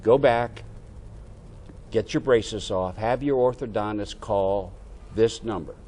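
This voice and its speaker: An older American man, a veteran, telling a lively story from his youth and acting out the dialogue. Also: on the low side, measured pace, a little hiss or hum. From United States. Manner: animated anecdote-telling with quoted dialogue. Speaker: veteran interviewee. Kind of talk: oral history storytelling.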